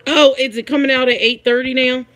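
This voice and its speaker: A woman's voice: high voice, steady tone, brisk, a bit bright. A woman hosting a casual live stream, chatting with her viewers and reading their comments aloud, laughing often. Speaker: livestream host.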